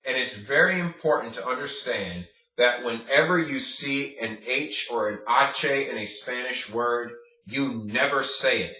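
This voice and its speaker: A man giving a Spanish pronunciation lesson, drilling words slowly and checking in with "okay?" as he teaches. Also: mid-range voice, pushed and bright. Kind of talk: video lesson. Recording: distant, dull, echoey room mic.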